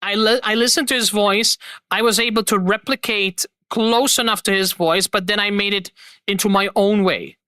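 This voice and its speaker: A man's voice: sits high, steady tone, normal speed, pushed and bright, clean tone, no room sound, studio quality. A man hosting a live stream, chatting casually and enthusiastically to his viewers and rambling about voice acting and games. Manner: rambling, enthusiastic, talks to chat. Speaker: streamer host.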